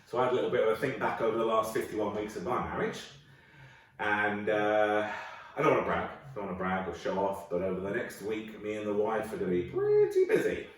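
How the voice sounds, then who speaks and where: A man in his forties performs a crude, chatty stand-up set at home, his pitch swinging widely as he talks. His voice rings around a bare, echoey room. The mic sits well away from him. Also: sing-song, a little fast, recorded from a distance. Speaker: stand-up comedian.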